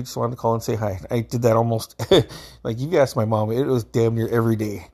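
A man's voice: medium pitch, level tone, fairly quick, mellow. Laid-back man rambling through old memories. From Alaska. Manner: rambling, laid-back, frequent fillers and swearing. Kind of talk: casual storytelling.

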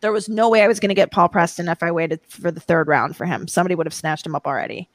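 A woman chatting as a podcast guest, talking in rambling bursts with many restarts and quick laughs. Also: fairly low pitch, no echo. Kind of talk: casual podcast chat.

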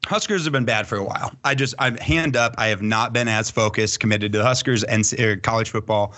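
Man, excitable sports podcast co-host, casual betting chat, laughs and swears. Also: lowish voice, brisk.

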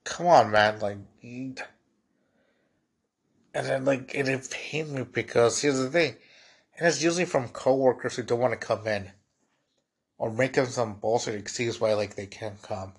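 A young man talks alone on his podcast in a loose, rambling way. His voice sits at a middle pitch with a husky, slightly rough edge, and he keeps circling back with "dude" and "like.". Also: measured pace, pauses often. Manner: rambling, repeats "dude" and "like" often. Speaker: podcast host. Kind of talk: casual monologue.

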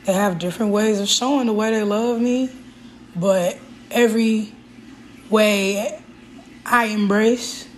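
This is a podcast host in casual personal talk, being candid and emotional about her life and leaning on fillers and restarts. Her voice sits in the mid range. The recording is low quality, with slight background noise.

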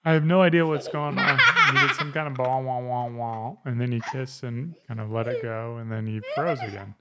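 A man's voice: medium pitch, brisk, heavy background noise. A man in his thirties hosting a casual podcast, rambling with lots of fillers and easy laughs. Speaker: podcast host.

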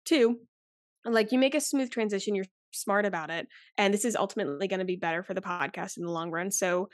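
A young woman in her twenties talks as a podcast guest in a loose, candid, rambling way, circling back and restarting her sentences. Her voice sits at a middle pitch. The sound is dry and close, with no room echo. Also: a little fast. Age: 20s. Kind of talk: casual interview chat.

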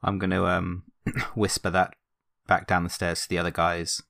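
A man speaking as a player in a tabletop game, relaxed and thoughtful. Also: deep voice, normal speed, vocal fry, no echo, studio quality.

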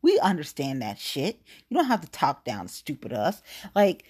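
A woman's voice: deep voice, wildly swooping pitch, moderate pace, a little mellow, breathy edge. A woman delivering a blunt, heated political rant, swearing constantly.

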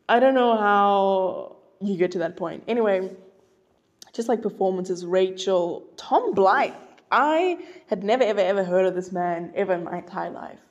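A woman's voice: medium pitch, darkish tone. A woman hosting a casual solo podcast, rambling and gushing with lots of fillers and restarts. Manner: gushing, emphatic. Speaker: podcast host.

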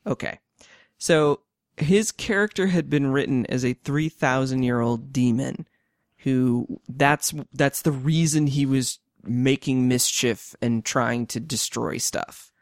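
On a podcast, a male co-host chats casually about a film in a mid-range voice at a slow pace, often restarting sentences and laughing along. The recording is dry and studio quality.

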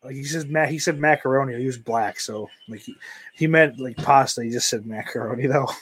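A man's voice: mid-range voice, a little fast, a bit bright, slightly rough. A man chatting casually on a stream, rambling and swearing, often trailing off into mumbles. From United States.

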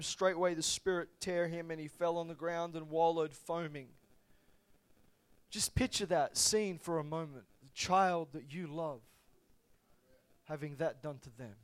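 A man with a notably high voice delivers a sermon. He preaches with passion, dropping to quiet, reflective lines and then rising to loud, urgent pleas. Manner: impassioned, swinging from quiet to loud.

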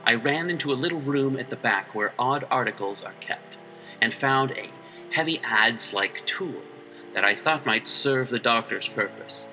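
A man's voice: medium pitch, lively intonation, moderate pace, pushed and bright, distant mic, faint music behind, rough recording. A man reading a horror story aloud with dramatic narration. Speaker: reader.

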